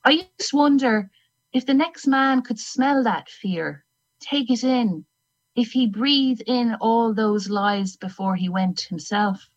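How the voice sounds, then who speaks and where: A woman's voice: on the high side, slow, highs cut off. A woman reading as a grim hangwoman. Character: older woman hangman, grim, unrepentant and secretive. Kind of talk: first-person story reading.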